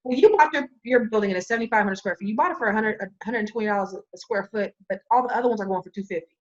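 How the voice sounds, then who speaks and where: Speaking rapid-fire in a mid-range voice, a woman appearing on a podcast tells an animated, casual story and performs the voices of those she quotes. The audio has its highs cut off.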